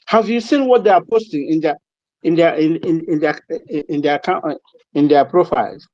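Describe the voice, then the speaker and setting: A man's voice: a little high, moderate pace, darkish tone, no room sound. A man making an urgent, emphatic submission in an online discussion, repeating his points. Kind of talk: impassioned political submission. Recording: muffled lo-fi audio.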